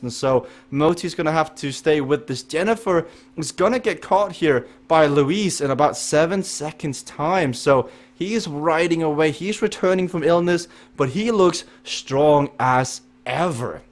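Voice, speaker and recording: A man's voice: a little high, normal speed. Upbeat man calling a virtual race. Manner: lively, chatty, jokes with the chat. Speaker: race commentator and stream host. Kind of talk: live esports race commentary.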